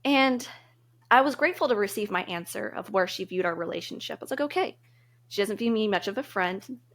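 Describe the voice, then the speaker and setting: A woman's voice: mid-range voice, lively intonation, brisk. A woman co-hosting a podcast, talking through relationship advice in a casual, earnest, reflective way and laughing easily. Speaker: podcast co-host.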